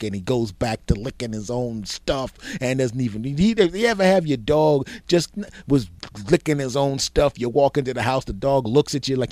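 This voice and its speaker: Male podcast host, mid-pitched, crude rambling comic storyteller, dry recording. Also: animated, normal speed, hardly any pauses, darkish tone, dry recording. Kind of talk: comedic monologue.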